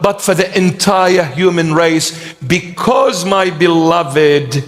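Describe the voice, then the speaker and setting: A man's voice: on the high side, takes it slowly, soft background music. A man preaching a sermon to a congregation in a church. He speaks in a dramatic way and acts out the scripture quotes. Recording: long church hall reverb.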